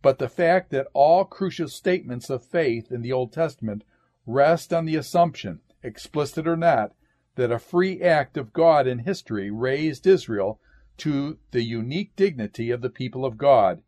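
Male lecturer, measured classroom delivery, steady reading of quoted passages. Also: mid-range voice. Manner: measured, reads quotations aloud, says "quote" and "end quote".

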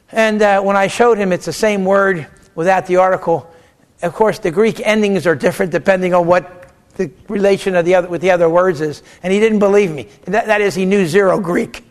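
In a theology lecture, a man whose pitch sits noticeably high for a man debates a question from both sides aloud. Rhetorical questions come rapid-fire, each met with a short snapped answer, and his brisk delivery remains animated and emphatic.

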